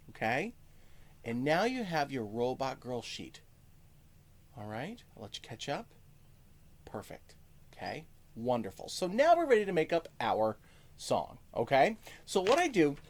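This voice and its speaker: A male music teacher giving a first-grade lesson, speaking slowly to young children, checking in with "okay?" and singing short lines. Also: fairly high pitch. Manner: lots of "okay?" check-ins.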